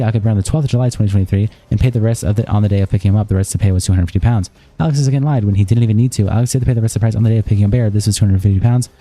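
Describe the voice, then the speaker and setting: A medium-pitched man speeds through a written statement on a live stream in a monotone, sometimes stumbling and going back to restart.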